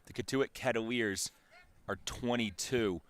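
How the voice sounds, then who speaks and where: A man's voice: medium pitch, a little slow, fairly bright tone. A man giving baseball color commentary in a conversational way, thinking aloud with small hesitations.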